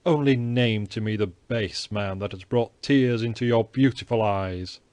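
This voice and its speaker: Man reading as gallant young swordsman, theatrical, ardent, lowish voice. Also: measured pace, a little mellow, dry recording, lightly acted. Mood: impassioned. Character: young male swordsman, ardent, flattering, sly.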